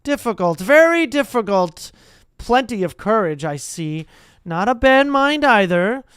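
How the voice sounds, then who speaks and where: A reader voicing a talking magical hat that muses slowly while sizing up a boy, in a storybook reading. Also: medium pitch, big pitch swings, a bit bright, clear, resonant tone, dry recording, studio quality. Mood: musing.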